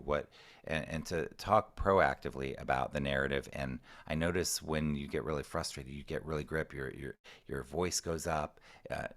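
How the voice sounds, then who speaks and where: An ADHD coach appearing as a podcast guest gives casual, thoughtful advice on handling children's emotional triggers, frequently restarting sentences. He has a bass voice with a slight brightness.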